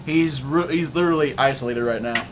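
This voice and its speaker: A man's voice: medium pitch, brisk, a little hiss or hum. A man hosting a casual livestream chat, joking and teasing, laughing at his own lines. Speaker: streamer, host.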